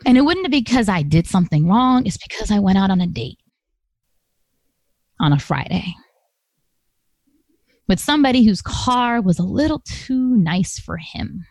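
Animated woman telling a personal story. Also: medium pitch, normal speed, long pauses, dry recording. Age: adult with a master's degree. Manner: animated, acts out the people she quotes; conversational and emphatic.

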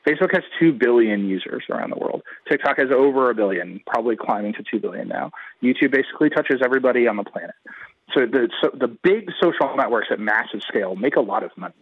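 A man's voice: mid-range voice, no room sound. A man giving a guest commentary in a radio interview, analytical and emphatic, talking in long runs. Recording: dull lo-fi radio line.

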